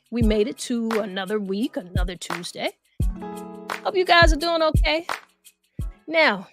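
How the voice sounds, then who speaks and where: A woman's voice: on the high side, animated, normal speed, long pauses, a bit bright, soft background music. A tired woman co-hosting a live talk show, chatting casually and folksily with her viewers. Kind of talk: casual live-stream chat.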